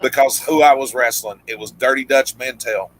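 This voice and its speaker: A man with a drawl tells a loose, meandering story, stopping and restarting often. His voice is bright and forward, and he jumps into quoted lines as he recounts them. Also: mid-range voice, normal speed, rough recording. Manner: rambling, many restarts, acts out quoted lines. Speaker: guest storyteller, former pro wrestler. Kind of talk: casual storytelling chat.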